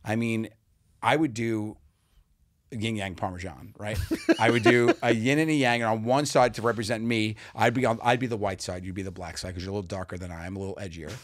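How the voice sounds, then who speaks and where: A man's voice: lowish voice, steady tone, brisk, no room sound, studio quality. A man co-hosting a comedy podcast, chatting casually, joking and laughing often as he repeats himself. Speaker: podcast co-host.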